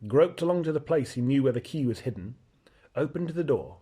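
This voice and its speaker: A man reading a children's novel aloud in an expressive, lively narration. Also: mid-range voice, a little fast, husky. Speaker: audiobook reader. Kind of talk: storybook narration.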